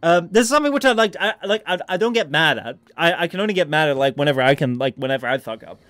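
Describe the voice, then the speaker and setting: A young man livestreaming a game, swearing freely, with loud frustrated outbursts and rambling, filler-heavy asides. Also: a little high, lively intonation, quick pace, no echo. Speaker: streamer. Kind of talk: live gaming stream commentary.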